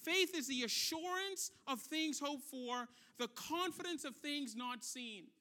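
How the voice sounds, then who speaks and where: A pastor preaching a sermon, emphatic and repetitive, swinging between quiet and loud. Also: sits high, unhurried.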